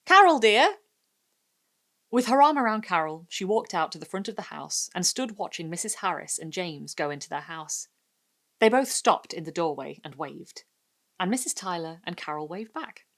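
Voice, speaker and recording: Expressive woman reading a gothic story. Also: sits low, moderate pace. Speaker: host and reader.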